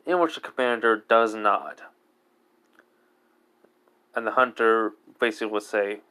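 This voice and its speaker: A man casually making up a fan-fiction story as he goes, rambling and stopping to correct himself. His voice sits fairly low and comes through clean. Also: fairly even intonation, measured pace, long pauses, sharp tone, clear, resonant tone. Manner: rambling, heavy use of "basically" and self-corrections.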